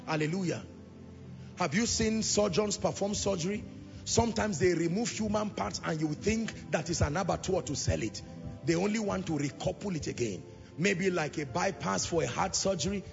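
A male preacher delivering an impassioned sermon, repeating lines and swelling into shouts and half-sung phrases. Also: sits high, normal speed, vocal fry. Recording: reverberant hall, dull lo-fi sound, music behind.

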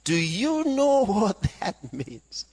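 A man preaching a sermon, reading scripture aloud and swinging between loud calls and hushed asides. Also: high voice, very animated, takes it slowly, breathy edge. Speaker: pastor. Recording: long hall reverb.

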